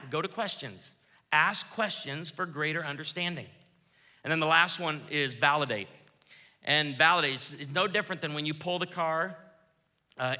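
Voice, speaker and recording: Bright-voiced pastor preaching in a hall. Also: male voice, fairly high pitch. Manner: lively, acts out quoted lines. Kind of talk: sermon. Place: church auditorium. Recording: reverberant church hall.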